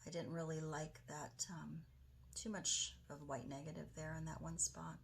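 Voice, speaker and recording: Lady doing a craft vlog, lower voice, chatty and excited, faint hiss behind. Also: normal speed, vocal fry. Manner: chatty, enthusiastic, talks while working. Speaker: craft video host. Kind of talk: casual crafting tutorial. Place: home craft studio.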